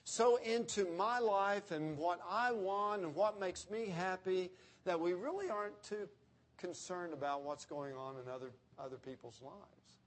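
Emphatic male preacher, higher voice. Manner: emphatic, slows down to quote scripture. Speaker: pastor. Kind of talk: expository sermon.

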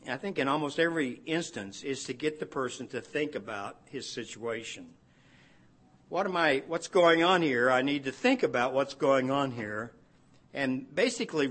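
A man's voice: medium pitch, a bit bright. Man preaching a conversational sermon. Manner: conversational preaching, with rhetorical questions and small laughs. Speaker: pastor.

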